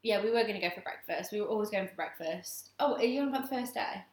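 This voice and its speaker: A young woman co-hosting a podcast, telling a story in casual chat, animated and laughing, swearing freely. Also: medium pitch, quick pace. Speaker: podcast co-host. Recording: echoey room.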